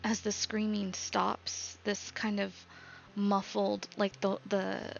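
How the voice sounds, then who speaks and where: A woman narrating as game master of a tabletop game, halting with many fillers. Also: medium pitch, completely flat delivery, gravelly, muffled recording, a little hiss or hum.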